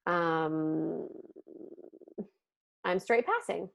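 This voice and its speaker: A woman from Canada, a podcast guest in casual chat, telling stories with animated acted-out quotes and casual swearing. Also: on the low side, very slow, vocal fry. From Ontario, Canada.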